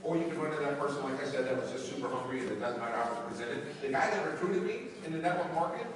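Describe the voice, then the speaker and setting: A man giving an energetic motivational training talk, acting out quoted dialogue and shouting for emphasis. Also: fairly high pitch, very fast, a crowd in the background. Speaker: network marketing trainer. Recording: echoey hall from far off.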